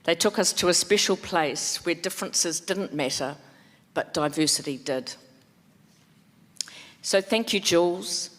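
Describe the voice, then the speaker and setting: A speaker delivers a heartfelt memorial tribute in a measured voice, with soft pauses. The voice carries through a PA into a large events hall. A long reverb trails every phrase. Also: medium pitch. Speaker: former manager giving a tribute. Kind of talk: memorial speech.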